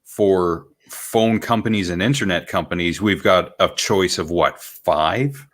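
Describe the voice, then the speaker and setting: Co-host, Canadian man, slightly low voice, easygoing and thoughtful in chat. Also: measured pace, a bit bright. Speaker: podcast co-host. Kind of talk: casual podcast chat.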